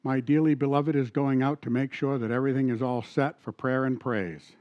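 A middle-aged male pastor gives a sermon in a conversational way, asking his listeners questions and slowing down for scripture readings. His voice sits at a medium pitch. The sound is dry and a little dull. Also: steady tone, no room sound. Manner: conversational, asks the congregation questions and reads scripture slowly. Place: church sanctuary.

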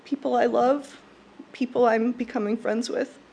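A young woman delivering a prepared eulogy at a funeral service, in a warm, fond and measured way. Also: on the high side, fairly even intonation, vocal fry, husky. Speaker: eulogy speaker.

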